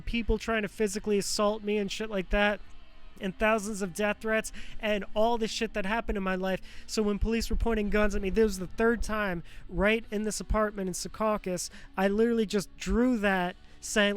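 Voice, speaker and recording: Guy with a high clean voice, rambling and swearing, kinda raw and teary, restarts a lot. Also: clear, resonant tone. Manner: rambling, profane, frequent fillers and restarts; emotionally raw, close to tears. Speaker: show host. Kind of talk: rambling personal monologue.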